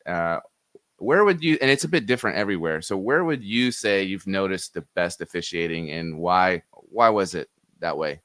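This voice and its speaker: A man hosting an interview who also works as a referee, asking relaxed questions. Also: sits low, moderate pace, no echo. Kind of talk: casual interview talk.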